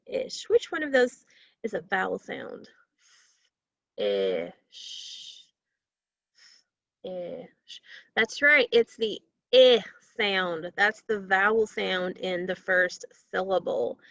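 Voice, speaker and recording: A woman teaching a phonics lesson to young children, slowly stretching out sounds and syllables. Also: mid-range voice, creaky, fairly bright tone, no echo, lo-fi sound.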